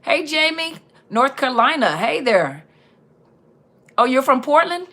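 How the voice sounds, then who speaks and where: A woman's voice: very animated, sharp tone. A woman hosting a live Q&A stream, chatting casually and reading out viewer comments in an upbeat, chatty way. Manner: upbeat, chatty, reads out viewer comments with quick pitch jumps.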